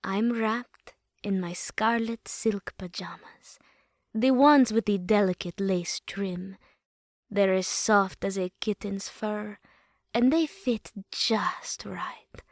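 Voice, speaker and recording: A man's voice: extremely high pitch, sharp tone, clean tone, no room sound, studio quality, voice pushed up, heavily acted. A man voicing Momo, a giggly catgirl woman. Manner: giggly, teasing. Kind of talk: audiobook character voicing.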